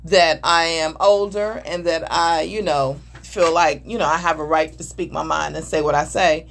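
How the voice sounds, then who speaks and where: A woman's voice: deep voice, fairly even intonation, moderate pace, creaky, a bit bright, a little hiss or hum. A middle-aged woman speaking candidly and emphatically in a conversation, now and then acting out other voices. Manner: earnest, emphatic, acts out voices mid-story. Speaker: married panelist discussing communication.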